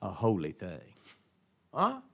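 A man preaching a sermon, swinging between loud emphatic stresses and quiet asides, often asking the congregation questions. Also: deep voice, wildly swooping pitch, slow pace, breathy edge.

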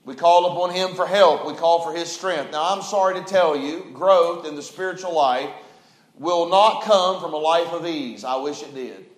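A man's voice: on the high side, normal speed. A man preaching a sermon, telling folksy stories and building to fervent calls. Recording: roomy echoing hall.

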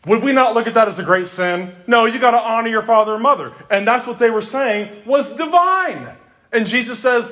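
High-voiced emphatic male preacher. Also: a little fast, fairly bright tone. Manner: emphatic, repeats words for stress; addresses listeners directly. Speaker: pastor. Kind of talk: sermon.

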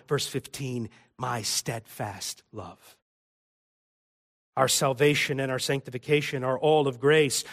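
A man preaching a sermon as pastor, moving between quiet, intimate passages and loud, impassioned appeals. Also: medium pitch. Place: church.

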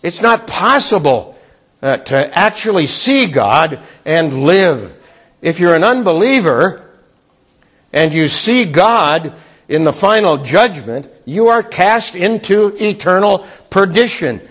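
A man preaching a sermon slowly and deliberately, with frequent hesitant pauses. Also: high voice, big pitch swings, fairly bright tone. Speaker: pastor.

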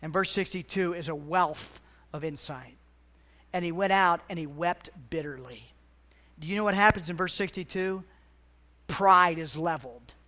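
A middle-aged pastor delivers a sermon in a notably high-pitched voice. He preaches with passion, climbing to loud, emphatic peaks before falling back to quiet, hushed asides. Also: moderate pace.

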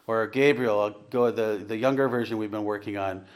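A man's voice: fairly low pitch, steady tone, fairly quick, few pauses. A man preaching an earnest, conversational sermon, rising to emphatic points and putting questions to his congregation. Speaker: pastor.

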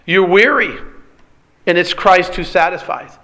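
High, bright-voiced preaching man. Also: a little slow. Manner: earnest, pleading, rhetorical questions. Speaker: pastor. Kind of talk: sermon.

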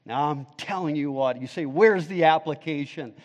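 A male pastor preaching a sermon, with dramatic swings from booming declarations to hushed, low phrases. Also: moderate pace, hardly any pauses, dull audio. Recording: long reverb of a large hall.

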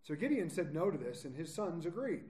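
A man leading a verse-by-verse Bible study, lively, with joking asides. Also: a little high, a little fast.

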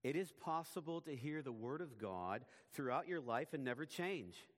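A man preaching a sermon as pastor, in a measured, emphatic way, his phrases often falling away at the ends. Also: mid-range voice, expressive, big-room sound.

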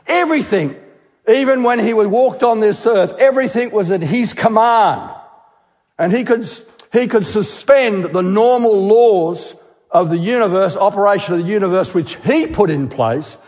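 A geologist appearing as a guest speaker preaches at a normal pace in a fairly high, darkish voice. He asks questions and repeats words for emphasis, and a long reverb suggests a large hall.

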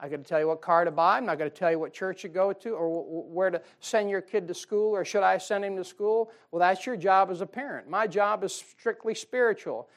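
A man's voice: sits high, fairly quick, few pauses. A middle-aged man preaching a sermon as pastor, in a folksy, conversational way with chuckles and asides.

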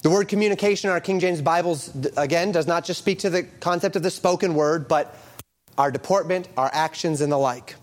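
A man preaching a sermon, reading King James scripture aloud and explaining it verse by verse with emphatic rises and drops. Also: fairly quick. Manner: emphatic, lively rises and drops in pitch and volume.

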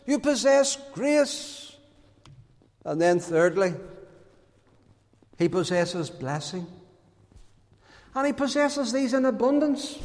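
A man's voice: extremely high pitch, expressive, takes it slowly, pauses often, a little mellow. A man preaching a sermon in a church, emphatic and lingering on key words. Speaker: pastor. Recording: church hall reverb.

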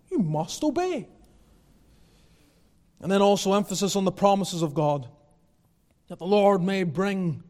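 A man's voice: high voice, a little mellow, big-room sound. A male pastor preaching a sermon, building with emphatic repetition and rising intensity.

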